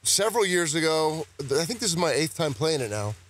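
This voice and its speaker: A man's voice: fairly high pitch, big pitch swings, fairly quick, a bit bright, a little hiss or hum. A man, an actor, chatting casually as a guest on a talk show set, rambling and joking at his own expense. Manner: joking, rambling, self-deprecating. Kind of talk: casual interview chat. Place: broadcast set with cameras at a golf tournament.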